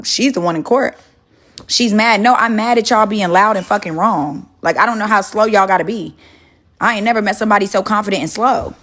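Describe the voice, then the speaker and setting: A woman's voice: medium pitch, a bit bright. A young woman on a phone livestream from her home kitchen, chatting casually and bluntly with viewers, swearing and arguing back at them. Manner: blunt, profane, argumentative.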